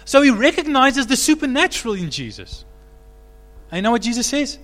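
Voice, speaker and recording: A man preaching a sermon as pastor, animated, rising to loud emphatic peaks. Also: very high-pitched, brisk, in a large hall.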